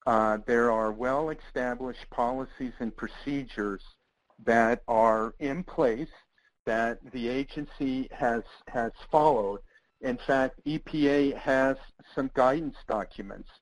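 A man teaching a webinar in a steady, mid-range voice. He explains guidance in a measured, earnest way. A dry wit comes through now and then. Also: mid-range voice, low-quality recording. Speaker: webinar instructor. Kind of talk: presenting a training webinar.

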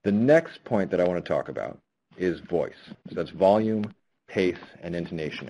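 Low, mellow-voiced man teaching speaking skills. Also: rough recording. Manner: conversational, explanatory, frequent ums and restarts. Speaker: speech presenter and linguistics researcher. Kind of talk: webinar talk on public speaking.

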